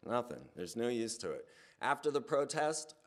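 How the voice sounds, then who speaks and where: A man talking in a loose, conversational monologue at a mid-range pitch. He tells stories with energy, and his voice rises in pitch and volume when he gets excited. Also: moderate pace. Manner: animated storytelling, voice rising when excited. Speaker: speaker on a hypnosis channel. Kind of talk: casual spoken monologue.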